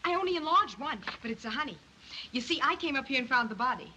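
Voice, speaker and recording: A sassy young press photographer snaps back with wisecracks. Her voice is bright and sits a little high. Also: sing-song, fast talker, slight background noise, full character voice, poor audio. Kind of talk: 1930s film acting.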